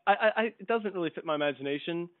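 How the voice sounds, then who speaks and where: A man with a clear, smooth voice pitched a bit high for a man chats casually and slips in wry remarks. The sound is narrow and phone-like, recorded close and dry. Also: very fast, no room sound. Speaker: podcast co-host. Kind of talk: casual chat.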